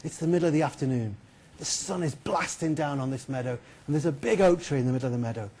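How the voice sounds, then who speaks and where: A man giving a keynote lecture, telling a story in a lively, chatty way and putting questions to the audience. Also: fairly high pitch, fast talker. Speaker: keynote speaker. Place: lecture hall.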